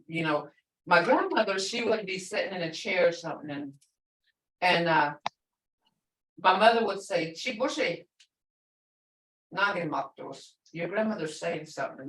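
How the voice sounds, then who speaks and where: A woman's voice: mid-range voice, lively intonation, normal speed, fairly bright tone. A woman teaching a language class in a casual, chatty way, explaining through stories and repeating words for her learners. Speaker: language instructor. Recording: echoey room, voice far from the mic.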